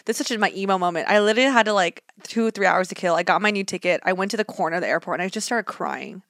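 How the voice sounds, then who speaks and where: A woman's voice: mid-range voice, very fast, fairly bright tone, no echo. A young woman co-hosting a podcast, telling a story in casual chat and acting out her own reactions. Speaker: podcast co-host.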